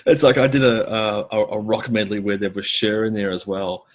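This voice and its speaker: A man, a gigging drummer, chatting casually and telling animated stories in which he acts out other people's lines. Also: on the low side, brisk, a crowd in the background. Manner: animated storyteller, mimics voices. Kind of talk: casual chat.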